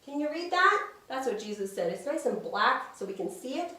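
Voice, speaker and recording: A woman leading a children's church lesson, speaking gently and simply and asking the kids questions. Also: high voice, sing-song, moderate pace, very echoey, distant mic. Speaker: children's Sabbath school teacher.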